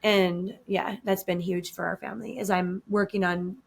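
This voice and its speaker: A woman's voice: medium pitch, fairly even intonation, normal speed, vocal fry, slight background noise. A woman in her thirties co-hosting a casual talk, speaking reflectively and acting out quoted lines of dialogue. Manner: reflective, acts out quoted dialogue with shifting voices. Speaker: podcast co-host. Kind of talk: casual conversational chat.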